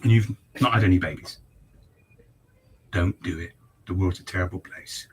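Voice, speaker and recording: A man's voice: deep voice, normal speed, slight background noise. A man, a barber chatting on a livestream while cutting hair, swearing a lot and ranting in mock outrage.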